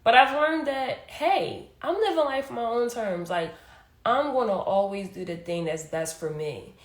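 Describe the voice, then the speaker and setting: A young adult woman hosts a casual motivational podcast in a fairly high, expressive voice, speaking a little slowly. She's chatty and emphatic, constantly saying "hey" and "like," and the room has an echo.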